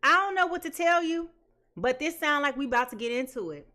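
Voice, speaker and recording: A woman gives a live tarot reading with a high, bright voice. She talks in a chatty way, laughs often and repeats her phrases. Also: expressive, fairly quick. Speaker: tarot reader.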